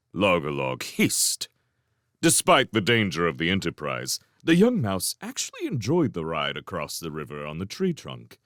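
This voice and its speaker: A man reading a storybook aloud in an expressive narrating style. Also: low-pitched, normal speed, dry recording, studio quality. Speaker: audiobook reader.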